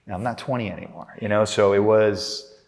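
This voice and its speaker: A man's voice: on the low side, brisk, vocal fry. A man chatting casually as a podcast guest, rambling through self-deprecating stories about his habits. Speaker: clinic managing director, podcast guest. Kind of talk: casual interview chat. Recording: reverberant room.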